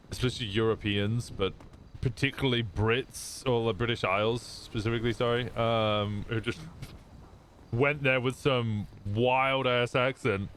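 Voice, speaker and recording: A man's voice: medium pitch, slight background noise. A man streaming, chatting casually, rambling and swearing freely as he thinks aloud.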